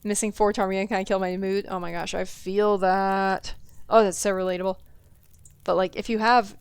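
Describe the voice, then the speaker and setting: A woman from the Southern US, her accent faint and mostly suppressed, chats casually with viewers while streaming a game, giggling, answering chat, and saying "like" a lot. Her mid-range voice is smooth and flat at a normal speed, with no echo.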